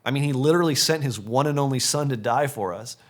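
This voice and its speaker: A man preaching a sermon as pastor, earnest, stacking short punchy phrases and dropping to a soft, low voice on key points. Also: fast talker.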